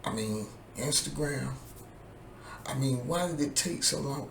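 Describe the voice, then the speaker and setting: Slow, gravelly man ranting with profanity. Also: medium pitch, fairly bright tone, slight background noise. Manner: profane, heated, repetitive. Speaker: vlogger. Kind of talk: angry political rant to camera. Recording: echoey room with faint ambience.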